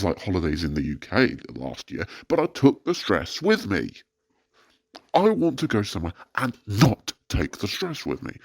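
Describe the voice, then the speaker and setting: Deep-voiced man ranting in distress. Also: darkish tone. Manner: hesitant with many fillers, then rising into agitated outbursts. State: distressed and frustrated. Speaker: anonymous poster venting about family life. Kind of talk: personal rant recording.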